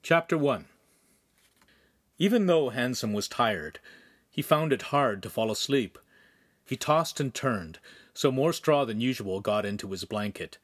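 Man, audiobook narrator, steady storytelling, middle pitch. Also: measured pace, pauses often. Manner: steady storytelling, voices characters. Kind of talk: scripted narration.

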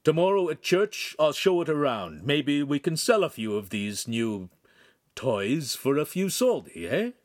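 A man's voice: a little high, big pitch swings, unhurried, no echo, studio quality, voice pushed up. A man reading an audiobook, voicing a direct, blunt middle-aged master craftsman.

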